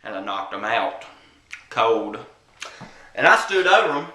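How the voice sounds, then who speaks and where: A man doing a comedic vlog monologue to camera, boastful and brash, with drawn-out pauses. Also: lowish voice, big pitch swings, sharp tone, roomy sound. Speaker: comedic vlogger.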